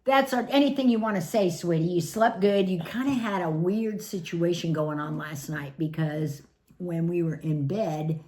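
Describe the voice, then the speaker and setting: A middle-aged woman with a lowish voice chats casually to the camera as a family caregiver. She laughs often as she tells her stories. Her delivery is relaxed and conversational. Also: normal speed, slight background noise. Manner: chatty, laughs often while telling stories. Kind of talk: casual storytelling vlog.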